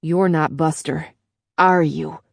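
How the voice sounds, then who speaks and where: A woman's voice: deep voice, steady tone, slow, vocal fry, dry recording, studio quality, heavily acted. A woman voicing a worn-out, confused male robot bartender with a Chicago accent and a brash, profane way of talking. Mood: hollow. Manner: brash, profane working-class bar talk.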